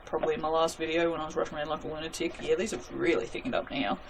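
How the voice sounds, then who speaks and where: A woman's voice: sits low, little pitch movement, very fast, a little hiss or hum. A woman chatting casually to her viewers while making soap, self-mocking and talking to herself as she works. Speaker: soap maker.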